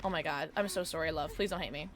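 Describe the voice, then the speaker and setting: Bright, bubbly woman streamer. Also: sits low, fast. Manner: bubbly, playful slang, talking to chat. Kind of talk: live gameplay commentary with chat.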